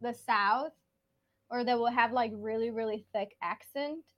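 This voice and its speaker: A high-voiced woman from Mexico, speaking with a Mexican accent, Spanish her first language. She tells stories animatedly in a relaxed conversation, peppered with "like.". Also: a little slow, highs cut off. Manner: animated storytelling, many "like"s. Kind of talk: casual chat.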